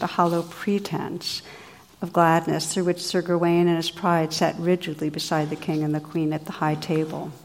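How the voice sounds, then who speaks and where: A woman with a slightly low voice narrates a storybook tale. Her delivery is calm, even and descriptive.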